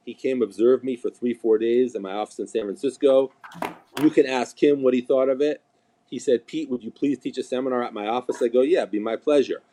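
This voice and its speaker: A man who is a chiropractor, chatting on a live stream and acting out patients' words as he tells stories. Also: medium pitch. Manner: animated storyteller, acts out quoted patients. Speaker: chiropractor and seminar teacher. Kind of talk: casual live-stream chat.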